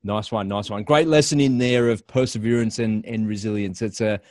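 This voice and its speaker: A man's voice: fairly low pitch, fairly even intonation, normal speed, a little mellow, no room sound. Man hosting, dry close sound. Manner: friendly questioning with small stumbles and repeats. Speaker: podcast host. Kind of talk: casual interview chat.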